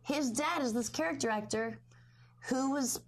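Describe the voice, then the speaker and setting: A woman, a guest in a casual chat, talking in a quick, teasing, playful way. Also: sits high, gravelly.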